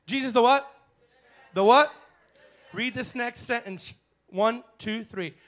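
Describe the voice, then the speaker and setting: A male pastor preaching a bold sermon in church, swinging from shouted lines to hushed ones. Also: very high voice, takes it slowly, long pauses.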